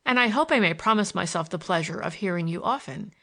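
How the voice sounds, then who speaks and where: A woman reading the lines of a smitten young gentleman in an audiobook, earnest and a little awkward. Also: medium pitch, animated, fairly quick, gravelly. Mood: gallant. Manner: earnest, gallant, slightly awkward.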